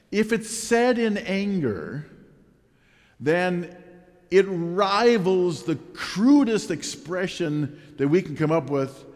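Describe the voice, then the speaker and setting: Slow, expressive preacher man in a hall. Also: a little high. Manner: expressive preaching with rhetorical questions. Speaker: pastor. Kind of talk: sermon.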